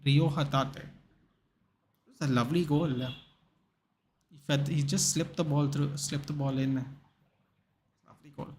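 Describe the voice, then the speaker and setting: A man's voice: fairly high pitch, fairly even intonation, unhurried, pauses often, slight background noise. A young man hosting a live football watchalong stream, chatting casually, answering viewers in the chat and reading out names and match stats.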